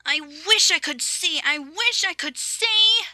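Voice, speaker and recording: A narrator voicing a small, anxious young male tank engine in a squeaky, strained, whimpering voice for a storybook dub. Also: big pitch swings, slow pace, bright, forceful tone, heavily acted. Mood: distressed.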